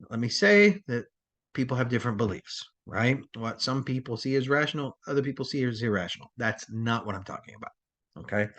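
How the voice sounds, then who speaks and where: A man's voice: mid-range voice, a bit bright. A man teaching a crisis response training lecture in a rambling, conversational way, with many fillers and restarts.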